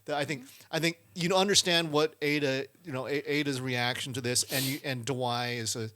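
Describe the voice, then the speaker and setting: A man co-hosting a podcast, chatting casually about a film, halting often with restarts and fillers. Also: medium pitch, fairly even intonation, pushed and bright. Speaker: podcast co-host. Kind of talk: casual chat reviewing films.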